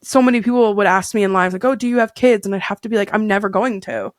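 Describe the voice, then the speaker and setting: A woman's voice: medium pitch, animated, quick pace, no room sound, clean studio sound. A woman in her thirties chatting candidly as a podcast guest, rambling with fillers and restarts. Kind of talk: candid casual chat.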